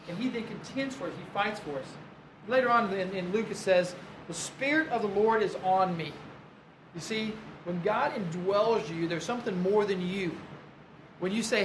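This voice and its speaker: A man's voice: high voice, normal speed. A man preaching a sermon, telling stories in an earnest, conversational way. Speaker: pastor. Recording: roomy, distant mic, noisy room.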